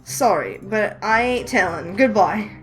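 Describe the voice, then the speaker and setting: A woman's voice: medium pitch, animated, unhurried, faint music behind, natural voice, low-quality recording. A woman reading the lines of a tight-lipped game character sworn to secrecy, with curt, firm refusals.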